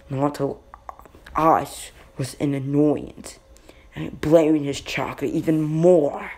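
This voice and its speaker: A slow, rambling male storyteller with a dark, gravelly voice, making up a fan-fiction story as he goes. He pauses often and stumbles over words. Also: on the high side, little pitch movement. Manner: halting, rambling delivery with slips. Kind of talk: improvised fan-fiction narration.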